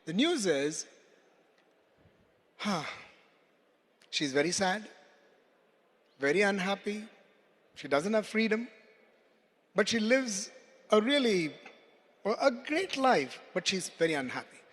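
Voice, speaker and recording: A man voicing a gentle traveling merchant father in a told story, earnest and plain. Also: high voice, expressive, slow, pauses often, breathy edge, heavily acted. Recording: long hall reverb.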